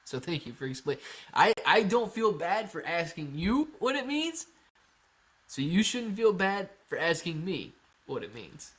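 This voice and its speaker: A man's voice: high-pitched, sing-song, measured pace, fairly bright tone. A young man from Ohio hosting a casual stock livestream, reading chat comments aloud in an upbeat, jokey way.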